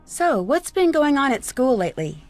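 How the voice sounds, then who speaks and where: An actress playing a curious young woman detective who asks question after question in an even, inquisitive way in a video game. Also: high-pitched, moderate pace, faint music behind.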